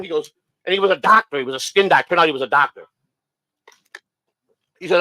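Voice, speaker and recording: A man telling his own story in an excited, profane way, acting out what others said to him. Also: fairly high pitch, quick pace, pauses often, no echo, poor audio. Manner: excited, profane, acts out quoted dialogue. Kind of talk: storytelling clip.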